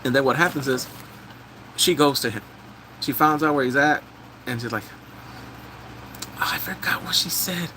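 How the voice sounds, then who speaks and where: A man's voice: mid-range voice, normal speed, long pauses, bright, forceful tone, slight background noise, rough recording. A man live-streaming a casual drama recap, chatting loosely, thanking viewers as he goes and breaking into big squealing reactions.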